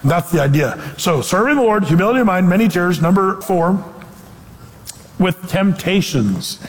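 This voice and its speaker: A man preaching a conversational sermon as pastor, animated and acting out quotes in voices. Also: sits high, moderate pace, in a large hall.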